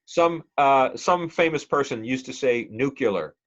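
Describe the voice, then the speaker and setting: A man's voice: mid-range voice, lively intonation, measured pace, muffled recording. A male instructor giving a conversational, digressive classroom lecture and quizzing the class with questions.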